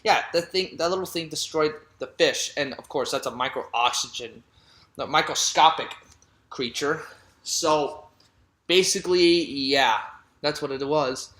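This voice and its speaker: Rambling man with a bright voice. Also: fairly high pitch, unhurried. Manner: rambling, heavy on fillers and restarts. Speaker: movie reviewer. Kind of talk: casual movie recap. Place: room at home. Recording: roomy echo.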